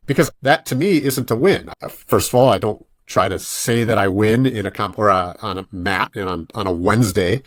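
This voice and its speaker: Guy on a podcast, dry close mic, lively storyteller, coach vibe. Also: on the low side, moderate pace, hardly any pauses, no echo. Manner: animated storytelling, acts out quoted voices. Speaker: guest jiu-jitsu coach. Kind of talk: casual podcast interview.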